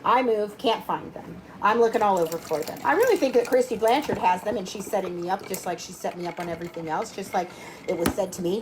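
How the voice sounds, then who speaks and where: A woman's voice: mid-range voice, fast talker, background noise. A woman ranting profanely on a home livestream, moving around her kitchen and calling out to people in the house. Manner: profane, ranting, scattered, talks to viewers. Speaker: livestream host. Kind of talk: casual livestream rant.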